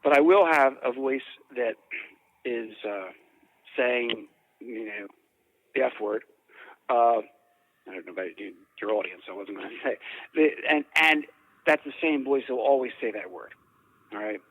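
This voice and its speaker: A man's voice: medium pitch, moderate pace, long pauses, dry recording. A man being interviewed about paranormal recordings, speaking in a rambling way, with frequent restarts and repeated words. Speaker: interview guest, paranormal investigator. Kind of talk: conversational interview. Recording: tinny phone-like line.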